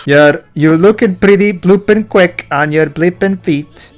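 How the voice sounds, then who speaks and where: A man's voice: high-pitched, measured pace, voice pushed up. A man doing a Welsh robot chef who bleeps and bloops. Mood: cheeky. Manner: swaps swear words for bleeps and bloops. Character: chirpy male robot chef with beeping curses. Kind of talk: voicing game dialogue.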